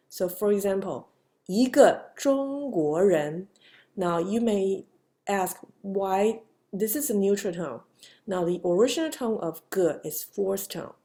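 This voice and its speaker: Slow gravelly woman teaching grammar. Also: lowish voice, mellow. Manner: patient, with frequent fillers and repeated model phrases. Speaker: Chinese language teacher. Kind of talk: slow grammar lesson lecture.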